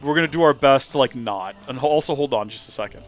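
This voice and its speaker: A man's voice: medium pitch, fast talker, faint music behind. A man casually commentating a game livestream, rambling animatedly and acting out quotes. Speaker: let's play streamer.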